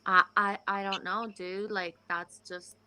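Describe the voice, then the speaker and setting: A woman's voice: mid-range voice, little pitch movement, unhurried, crowd noise, rough recording. A woman from Canada chatting casually in a group voice chat, filling her speech with "like". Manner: casual, full of "like".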